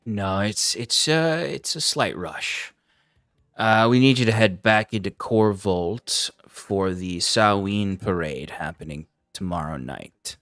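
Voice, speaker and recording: A male game master with a lowish, bright, forceful voice narrates a tabletop game in a loose, rambling way. The recording is dry and close, with faint music underneath. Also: animated, slow pace, dry recording. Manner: loose, filler-heavy description.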